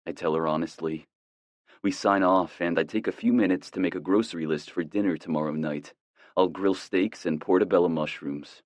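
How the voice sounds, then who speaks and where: Calm, tender male narrator for a romance audiobook, deep-voiced and recorded dry. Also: normal speed, no echo. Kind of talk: first-person romance narration.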